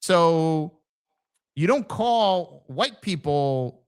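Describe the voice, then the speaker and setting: Podcast host guy, kinda high voice, swings all over, tells stories and does little voices for people. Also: drawn-out words, clean tone. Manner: animated storyteller, acts out quoted voices. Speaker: podcast host, former police officer. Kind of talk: casual conversation.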